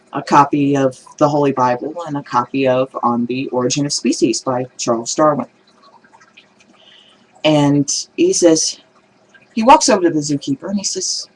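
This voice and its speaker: A man telling religious jokes in a casual video blog, animated and laughing at his own punchlines. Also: fairly high pitch, a little hiss or hum, poor audio.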